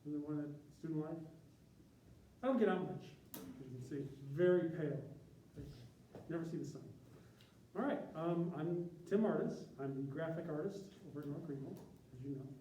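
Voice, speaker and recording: A man's voice: on the high side, moderate pace, mellow, distant mic, a little hiss or hum. Chatty joking man in echoey room. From Chicago. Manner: self-deprecating, joking, chatty with tangents. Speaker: university graphic artist giving a talk. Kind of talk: informal classroom presentation.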